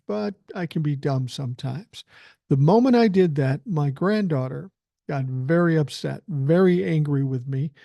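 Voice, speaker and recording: A man's voice: a little high, warm tone, dry recording, clean studio sound. A man in his sixties hosting a podcast, telling a rambling, chatty story with filler words while feeling unwell. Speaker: podcast host. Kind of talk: casual storytelling.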